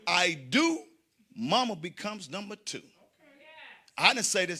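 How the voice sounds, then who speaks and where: A man doing a stand-up comedy set, loud and preacher-like, with dramatic swings between shouting and quiet asides. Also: high voice, very animated, measured pace, pauses often.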